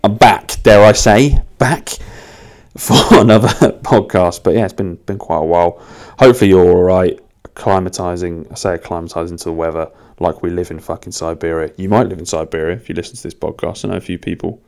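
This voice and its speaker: A young podcast host delivers a casual, rambling monologue on his own show in a low, steady, creaky voice with a darkish tone, speaking a little fast. He is loose and sweary, often poking fun at himself.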